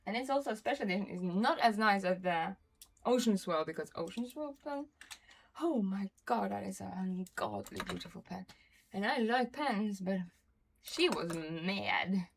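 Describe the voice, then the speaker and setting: A young woman chats loosely to her stream audience at an ordinary middle pitch. She wanders from thought to thought with constant "like"s and self-deprecating asides. She swears freely and sounds relaxed. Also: moderate pace, vocal fry, slight background noise. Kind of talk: casual chat to a live stream chat.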